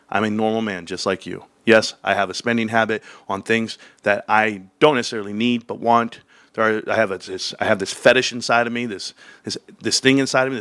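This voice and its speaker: A middle-aged man hosting his own live stream, talking in a heated, profane and extremely animated way. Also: fairly low pitch, no echo. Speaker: stream host.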